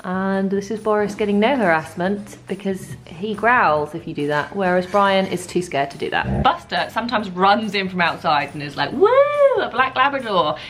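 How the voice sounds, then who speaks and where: A young woman chatting casually in a relaxed way for her vlog, with lots of asides. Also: medium pitch, normal speed, hardly any pauses, faint music behind. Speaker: vlogger. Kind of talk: casual chat.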